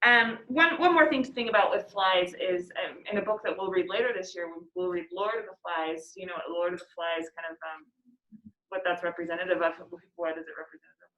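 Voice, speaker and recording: A woman's voice: on the low side, brisk, pushed and bright, dull audio. Chatty woman teacher in an echoey room. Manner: chatty, laughs often, reads lines aloud. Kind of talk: classroom poetry discussion.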